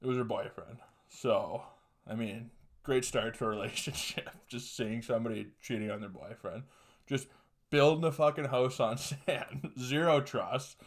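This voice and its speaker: A young man in his twenties, a podcast host, rambles through a crude personal story at medium pitch and a moderate pace. He swears freely, laughs often, and keeps his delivery loose and casual.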